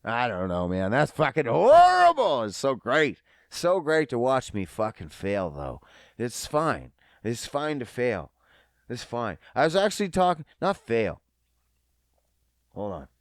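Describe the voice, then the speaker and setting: Man, young, solo podcast host, swearing, rambling, lively swooping voice, dry close sound. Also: medium pitch, a little slow, no echo. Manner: profane, rambling, self-mocking. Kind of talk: solo comedic podcast rant.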